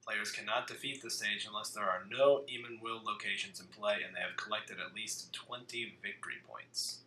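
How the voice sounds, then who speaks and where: Bright-voiced jokey male game host. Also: lowish voice, fairly even intonation. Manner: jokey, reads rules aloud briskly. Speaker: game host reading card rules. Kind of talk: casual tabletop game podcast. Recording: echoey room with faint background hiss.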